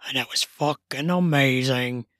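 A woman voicing a mellow, mopey man with a sing-song voice in an erotic audio story. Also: rumbling low, unhurried, no echo, studio quality, voice pushed down. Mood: content. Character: mellow sing-song middle-aged male lover.

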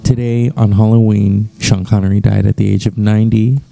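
Gravelly low-voiced podcast host. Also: male voice, flat delivery, a little fast, dark tone. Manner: rambling and conversational, with hesitations. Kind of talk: casual solo podcast monologue.

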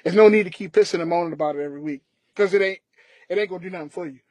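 A man's voice: sits high, racing, a little mellow, no room sound. A man co-hosting a sports podcast, ranting emphatically in casual talk. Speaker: podcast co-host.

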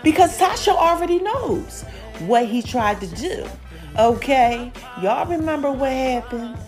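A woman giving a casual, animated recap of a TV episode, talking straight to her listeners and acting out the characters' lines. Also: soft background music. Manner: chatty, animated, addresses listeners as y'all; acts out characters' lines with quick pitch jumps. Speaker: TV recap host.

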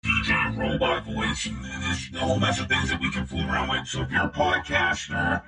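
Deep, processed male voice , a man on a voice changer, roomy and distant, music playing underneath. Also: flat delivery, a little fast. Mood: demoing. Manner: demonstrating voice effects casually. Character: man's voice through a demo voice changer. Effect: voice changer software.

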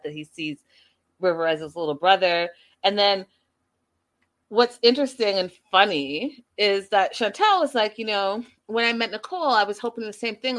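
A woman casually recapping a reality show, animated and acting out what people said. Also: mid-range voice. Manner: animated, quotes people in lively voices.

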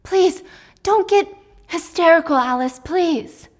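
A woman's voice: extremely high pitch, animated, takes it slowly, voice pushed up, full character voice. A woman voicing a dismissive young husband who brushes off his wife, placating and stern. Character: dismissive husband, engineer, tense and controlling.

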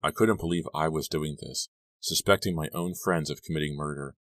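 A man reading a first-person story as an audiobook narrator, steady and measured. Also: extremely low pitch, dry recording.

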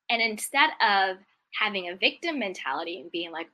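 Hosting a self-help video, a woman speaks earnestly and casually about gratitude and mindset, repeating affirmations and briefly mimicking people who complain. Her medium-pitched voice is animated, fairly quick, and sharp in tone.

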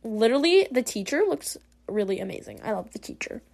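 A woman plays through a story game and keeps up a giggly, chatty commentary. Her voice sits high and swings widely in pitch. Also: sing-song, brisk, vocal fry, a little mellow. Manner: giggly, chatty, reacts aloud. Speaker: gamer playing a story game. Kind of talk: casual let's-play commentary.

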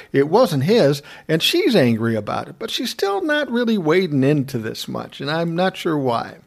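A middle-aged man casually telling a personal story, wry and often laughing as he goes. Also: on the high side. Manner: wry, laughing, self-described smart aleck.

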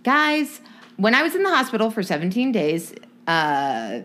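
Brief: woman co-host from California, casual chat, rambling and giggly, very lively swooping pitch. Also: measured pace. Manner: rambling and giggly, thinks out loud. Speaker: podcast co-host.

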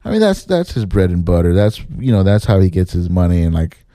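A man casually telling a story about his theater days, swearing and jumping up in pitch to mimic people. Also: a little fast, dry recording, clean studio sound. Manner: animated, swears, mimics others in pitched-up quotes. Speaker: former assistant stage manager telling a story.

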